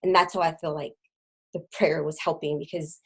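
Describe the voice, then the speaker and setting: A middle-aged woman speaks as a guest, recounting her own experience in a halting way. She fills gaps with ums and restarts her sentences, and her voice sinks almost to a whisper at the hardest parts. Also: low-pitched, fairly even intonation, fairly bright tone, breathy edge, low-quality recording. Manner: halting, many fillers and restarts, drops to a near whisper at hard moments. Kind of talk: personal testimony in an interview.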